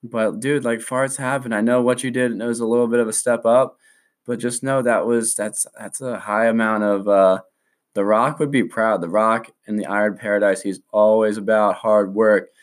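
A man's voice: fairly low pitch, steady tone, normal speed. A young man hosting a casual solo podcast, rambling in hyped surfer slang. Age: young adult. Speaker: podcast host.

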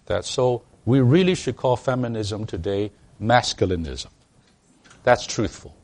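A man's voice: mid-range voice, lively intonation, unhurried, darkish tone. Stammering, emphatic male preacher. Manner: addresses the congregation directly with rhetorical questions. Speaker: pastor. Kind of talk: sermon.

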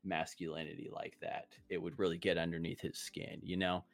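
Crass low-voiced man with a slight lisp. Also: little pitch movement, a little fast. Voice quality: slight lisp without retainers. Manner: crass, rambling, self-deprecating banter. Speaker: podcast co-host. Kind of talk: casual podcast chat.

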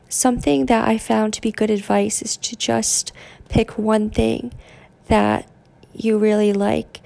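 A young woman hosting a podcast, giving a casual motivational monologue in a deadpan, monotone way. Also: on the high side, vocal fry. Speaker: podcast host.

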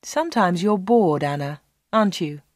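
A woman voicing a secretive, smooth-talking male shopkeeper in a storybook reading, persuasive and insistent. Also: on the low side, expressive, moderate pace, a little mellow, no room sound, studio quality, close to an everyday voice. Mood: coaxing.

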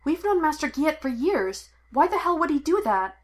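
A woman reading the lines of a startled young woman, sharp and questioning. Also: on the high side, very slow, full character voice.

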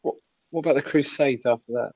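A man's voice: medium pitch, brisk, a little mellow, dry recording. A man chatting on a podcast in an easygoing, apologetic way. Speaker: podcast co-host. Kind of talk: casual chat. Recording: dull lo-fi mic.

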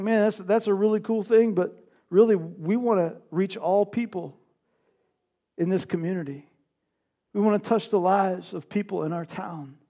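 High-voiced man preaching a sermon. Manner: impassioned preaching, swings from loud to hushed. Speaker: pastor.

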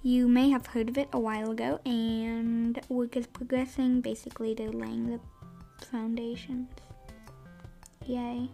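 A woman hosts a casual, unscripted podcast update, rambling and hesitant, often correcting herself and using wry, self-deprecating humor. Her voice is fairly high, level, creaky, and mellow at a moderate pace, with soft music in the background.

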